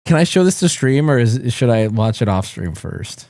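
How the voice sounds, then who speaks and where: A man streaming, chatting with viewers and rehearsing a trailer voice-over, drawing out words in a hammy, shouted announcer delivery and swearing as he jokes. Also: mid-range voice, expressive, normal speed, no echo, studio quality. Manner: joking, profane.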